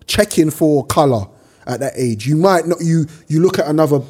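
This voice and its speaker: A man, co-hosting a podcast, telling stories in a slangy, animated way and swearing freely. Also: a little high, moderate pace, husky. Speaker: podcast co-host. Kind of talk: casual chat.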